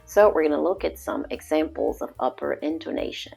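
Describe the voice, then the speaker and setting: Woman, language lesson, low raspy voice, faint music behind. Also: animated, darkish tone. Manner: slow, deliberate demonstration of pronunciation. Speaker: French teacher.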